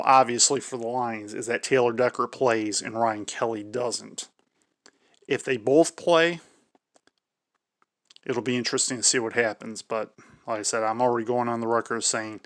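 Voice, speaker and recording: A man hosting his own sports channel, going through team injury reports in a measured tone and often hedging with "I believe". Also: medium pitch, a bit bright, no echo, clean studio sound. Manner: measured, repeats "I believe" and "for sure". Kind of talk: football injury preview commentary.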